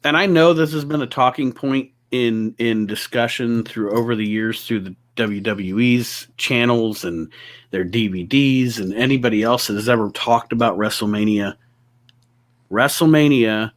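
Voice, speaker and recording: A man's voice: mid-range voice, moderate pace. Emphatic man chatting casually. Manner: emphatic, swears, restarts sentences. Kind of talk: casual chat about wrestling.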